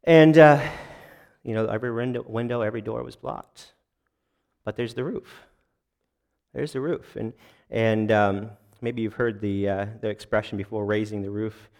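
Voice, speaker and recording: Male pastor, conversational sermon, halting delivery full of restarts, wry asides. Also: fairly low pitch, steady tone, vocal fry, darkish tone. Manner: self-deprecating jokes to the congregation.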